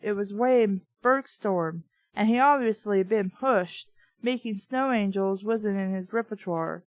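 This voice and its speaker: A woman's voice: medium pitch, unhurried, dry recording. A woman reading a novel aloud and breaking in with sarcastic, mocking commentary. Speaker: book reader and critic.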